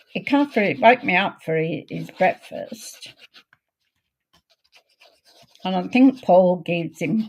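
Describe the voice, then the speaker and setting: A woman hosting a card-making video, chatting in a homely way while she works, her voice a little croaky. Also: on the low side, darkish tone. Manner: chatty, homely, unhurried, talks while working. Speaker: craft video host. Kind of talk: casual crafting demo chat.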